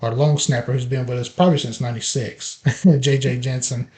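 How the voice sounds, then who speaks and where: A man hosting a casual sports podcast, listing players in a relaxed, chatty way. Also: mid-range voice, a little fast. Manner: opens with playful scripted biblical flood wordplay, then relaxed listing. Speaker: podcast host.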